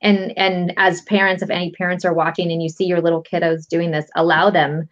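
Woman coach, low register, patient instructor, muffled lo-fi audio. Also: a little fast. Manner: calm, patient, explains step by step. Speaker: guest EFT coach. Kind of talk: instructional explanation. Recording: lo-fi dull audio.

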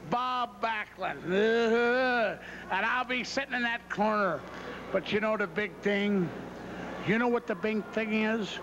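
A man trash-talking his opponents in a wrestling promo, brash and threatening. His voice is bright and very high-pitched. The sound is dull and muffled, with a faint hiss from old TV footage. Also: takes it slowly. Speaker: pro wrestler.

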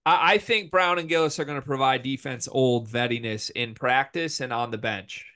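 An opinionated young man, sitting mid-range in pitch, talks sports in a loose, animated way. He has the hiccups and jumps between quick, confident rankings. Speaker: podcast co-host. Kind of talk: casual sports talk.

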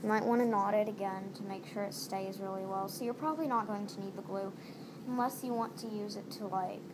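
A woman's voice: medium pitch, steady tone, brisk. A woman talking casually through a step-by-step craft tutorial at home, repeating each step as she goes. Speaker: DIY tutorial maker. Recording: noisy home recording.

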